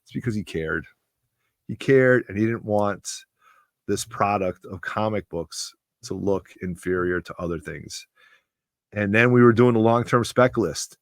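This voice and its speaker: A man's voice: fairly low pitch, dry recording, studio quality. A man in his forties hosting a comic book channel, giving a heartfelt, rambling and emotional spoken tribute.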